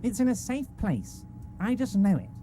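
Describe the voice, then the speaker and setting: A woman's voice: medium pitch, big pitch swings, moderate pace, dark tone, slight background noise, lightly acted. A woman voicing an oily male union boss. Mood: smooth. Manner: oily, falsely reassuring. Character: smooth-talking male union boss, middle-aged. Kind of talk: voicing a game character with friends.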